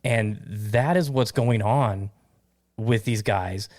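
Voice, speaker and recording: A man hosting a casual golf podcast, animated and fond of teasing his guests with hot takes. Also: fairly low pitch, takes it slowly, no echo, clean studio sound. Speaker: podcast host. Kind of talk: casual chat.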